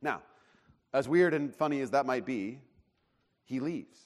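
A man preaching a sermon in a conversational, animated way, acting out the voices of the people in the story. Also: medium pitch, a little slow. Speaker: pastor.

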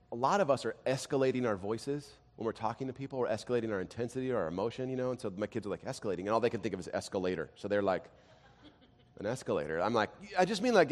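A man in his thirties preaching a sermon, telling family stories, dropping to quiet and rising to loud. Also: medium pitch. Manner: animated storytelling, swings from quiet to loud. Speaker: pastor. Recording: long hall reverb.

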